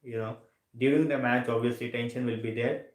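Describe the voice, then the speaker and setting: A man's voice: medium pitch, fairly quick, echoey room, low-quality recording. Sleepy man chatting on a live stream. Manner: relaxed, repeats phrases, many fillers. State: sleepy, yawning. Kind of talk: casual live stream chat. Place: home room, late at night.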